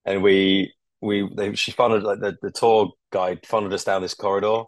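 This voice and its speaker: A man's voice: on the low side, little pitch movement, moderate pace, no echo. A man co-hosting a podcast, telling a rambling, sweary story in a laid-back way. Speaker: podcast co-host. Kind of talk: casual storytelling.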